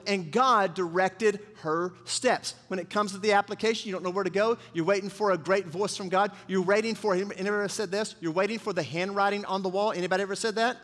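A man's voice: high-pitched, fairly bright tone. A man preaching a sermon as pastor, speaking to the congregation and prompting it to answer back. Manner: call-and-response preaching with the congregation. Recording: reverberant church hall.

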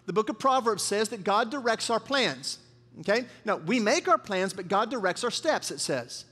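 High-pitched pastor preaching, calls to the crowd, echoey church hall. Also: male voice, sing-song, moderate pace, sharp tone, husky. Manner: call-and-response preaching with the congregation. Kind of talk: sermon.

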